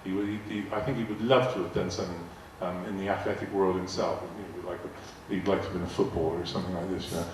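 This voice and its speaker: Older male raconteur, lowish voice, stumbling and repeating himself, heard from afar in a big echoing hall. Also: fairly even intonation, fast, few pauses. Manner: rambling, repeats words, acts out quoted dialogue. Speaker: guest speaker telling anecdotes. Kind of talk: storytelling to a live audience. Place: large arts hall. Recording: echoey hall, distant mic, faint noise. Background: audience laughter.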